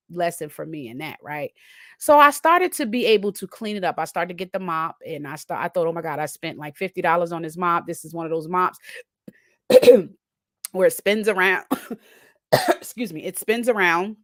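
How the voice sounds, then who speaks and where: A woman hosting her own talk, telling a personal story in an animated way, acting out her inner thoughts and often adding "right?". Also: mid-range voice, no echo, clean studio sound. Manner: frequently adds "right?" tags. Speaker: host.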